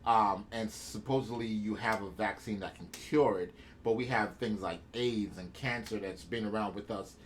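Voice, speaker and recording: A man's voice: on the low side, moderate pace, hardly any pauses, slight background noise. A man co-hosting a podcast in casual chat, arguing his points emphatically, step by step. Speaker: podcast co-host.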